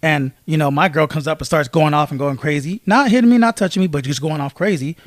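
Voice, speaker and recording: A man with a rather high voice, talking casually on a podcast and jumping into voices of the people he describes. The sound is dry and close, with no room around him. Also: fast, dry recording. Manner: animated storyteller, acts out voices of people in his stories. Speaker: podcast co-host. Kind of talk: casual chat, storytelling.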